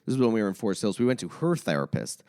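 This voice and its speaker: Young male comic guest, low voice, swings up and down a lot, swears freely, casual chat. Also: very fast. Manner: swears a lot, animated storytelling. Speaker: podcast guest, comedian.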